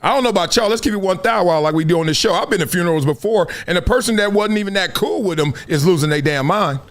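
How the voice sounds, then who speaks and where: A man's voice: sits high, rapid-fire. A middle-aged man hosting a show, giving an emphatic, preachy commentary monologue with rising exhortations. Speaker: show host.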